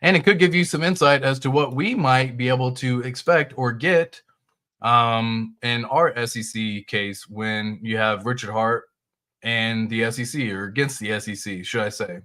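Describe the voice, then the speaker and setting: A man's voice: mid-range voice, normal speed, pushed and bright. A man hosting a casual livestream, talking through crypto market charts and greeting viewers in the chat in a loose, chatty way. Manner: casual, loose, talks straight to viewers and reads chat aloud. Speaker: crypto channel host.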